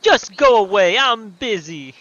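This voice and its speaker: Brooklyn-accented hothead villager for a video game voice-over, bright, piercing and brash, played by a man. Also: high voice, animated, muffled recording, voice pushed up, exaggerated voice. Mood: irritable. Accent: put-on Brooklyn accent. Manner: shouty, rude, fast-tempered. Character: loud cranky young male villager, touchy, picks fights.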